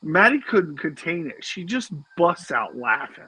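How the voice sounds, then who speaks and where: A man's voice: fairly high pitch, very animated, unhurried, bright, forceful tone, slight background noise, rough recording. A middle-aged man, co-hosting a casual chat and telling a family story with lots of swearing and stammered restarts. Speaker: podcast co-host.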